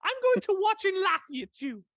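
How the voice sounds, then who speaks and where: A woman's voice: very high voice, sing-song, moderate pace, over a noisy crowd, pitched above the performer's own voice. A man voicing a cute young female necromancer with a put-on British accent. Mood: disdainful.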